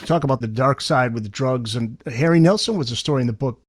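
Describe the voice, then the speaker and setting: Role: podcast host. Sex: man. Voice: mid pitch, plain. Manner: chatty, affirming. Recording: dry, close. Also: a little fast, breathy edge, no echo. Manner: chatty and affirming, with short replies. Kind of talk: casual interview chat.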